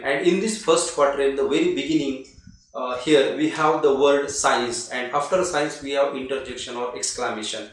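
A man teaching a literature lesson online, explaining a poem step by step with frequent "uh" fillers. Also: medium pitch. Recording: echoey room, mic at a distance.

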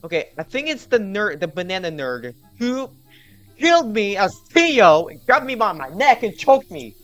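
Animated guy yelling game commentary. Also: sits high, normal speed, faint music behind. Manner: animated, taunting the other players, often yelling. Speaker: gaming channel host. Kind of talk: excited gameplay commentary.

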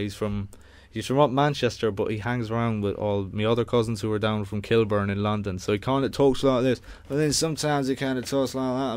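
A man's voice: fairly low pitch, smooth, dry recording. A young Irish man co-hosting a community radio show, rambling through jokey banter with his friends and often laughing. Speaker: radio co-host.

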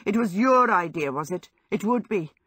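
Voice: medium pitch, measured pace, bright, forceful tone, no echo, clean studio sound. A woman voicing a moody young male wizard who teases and scolds, in a storybook reading. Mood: scolding.

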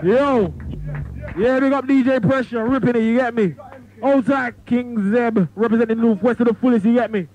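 Breathless high-voiced radio MC. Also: male voice, moderate pace, highs cut off. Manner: shouting out crews between bars. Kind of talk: pirate radio MC set. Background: grime beat.

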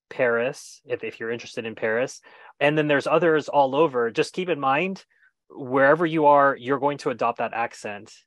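A man speaking as a guest on a webinar, giving enthusiastic, animated advice and often restarting his phrases. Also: medium pitch, no echo. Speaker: guest expert on moving abroad.

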